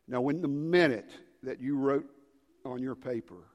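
A male pastor preaching in a large church, swinging from hushed whispers to shouted rallying calls. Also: medium pitch, measured pace, highs cut off. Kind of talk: sermon. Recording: long reverb of a large hall.

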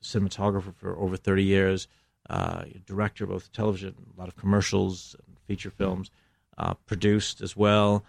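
A middle-aged American man with a low, gravelly, creaky voice talks as an interview guest. He is reflective and measured, pausing often on fillers. The sound is close and dry. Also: completely flat delivery, no echo. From United States. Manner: measured, hesitant, many fillers. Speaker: filmmaker guest.

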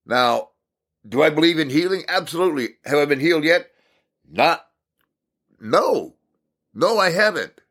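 A middle-aged man shares a devotional story in a bright, forceful voice. He swings from exasperated, emphatic bursts to low, quiet reflection, repeating key words to drive them home. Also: animated, unhurried, pauses often. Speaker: Christian speaker. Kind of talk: personal devotional talk.

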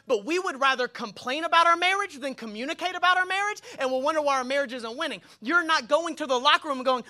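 Young male pastor, high and bright tone, casual slangy sermon delivery, lots of rhetorical questions. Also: fast, hardly any pauses. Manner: energetic, colloquial preaching with slang and rhetorical questions.

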